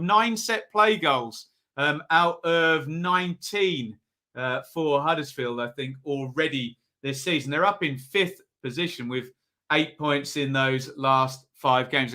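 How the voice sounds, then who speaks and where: A man's voice: a little high, sharp tone. A man hosting a live football predictions stream, chatting casually, thinking aloud and reading out viewers' comments.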